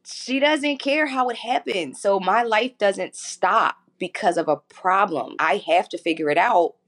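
A woman's voice: medium pitch, unhurried, fairly bright tone. A woman in her forties talks openly as an interview guest. She tells her stories with animation and laughs often along the way. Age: 40s. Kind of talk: casual chat.

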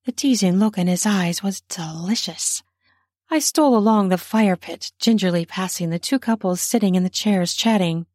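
A woman narrating an erotic story in the first person, soft and breathy, sometimes dropping to a whisper. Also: mid-range voice, moderate pace, no echo, clean studio sound.

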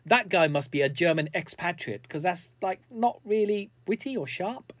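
A man's voice: high voice, animated, normal speed, few pauses. A man delivers a sarcastic comedic commentary, mocking as he goes. His voice rises and falls a lot. The sound is close and dry, with no room echo.

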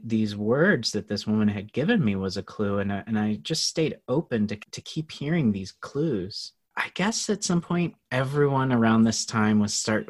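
A man telling a personal story as a guest in a casual interview, animated, often laughing and acting out what others said. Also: lowish voice. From United States.

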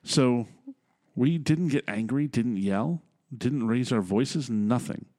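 A man co-hosting a podcast, telling a story in a casual, animated way and acting out its sounds. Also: mid-range voice, slow. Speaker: podcast co-host. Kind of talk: casual chat.

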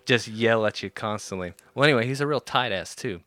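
A man recounting a wild story in a loose, cursing, animated style. His tone is bright and punchy. The sound is dry and close, with no room around it. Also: lowish voice, a little fast, no room sound. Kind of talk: casual storytelling.

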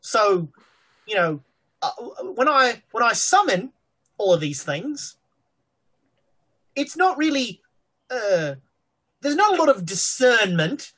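Woman doing a husky undead sorcerer for a tabletop game, offhand and rambling, lively pitch. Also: takes it slowly, pauses often, full character voice. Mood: explaining. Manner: rambling, offhand, many fillers.

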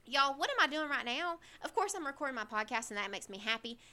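A young woman with a lilt hosts her own podcast from a corner of her bedroom. Her voice sits a little high and sounds bright and lively. She talks in an emphatic, chatty way and drops self-deprecating asides. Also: quick pace. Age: young adult. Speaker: podcast host. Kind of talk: casual advice monologue.

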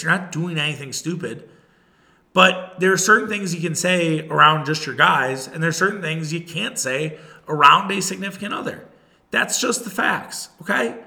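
Man, thirties, podcast host, bright tense voice, profane casual monologue. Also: on the high side, vocal fry. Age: 30s. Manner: profane, animated, talks to listeners directly. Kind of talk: casual solo podcast rant.

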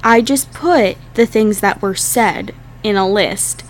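A woman's voice: medium pitch, slow. A young woman co-hosting a podcast, telling stories in casual chat with lots of laughter and swearing. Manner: laughing, profane, storytelling. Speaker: podcast co-host.

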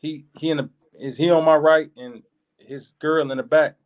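Young man, high voice, slangy animated storytelling, podcast guest. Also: normal speed. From Chicago. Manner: animated, slangy, repeats words while telling a story. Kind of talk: casual storytelling.

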